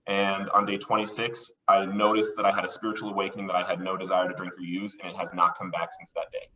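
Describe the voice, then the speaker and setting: A man guest on a podcast, telling a personal story in an excitable way and acting out the voices he quotes. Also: low-pitched, quick pace, far from the mic, lo-fi sound. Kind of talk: animated storytelling.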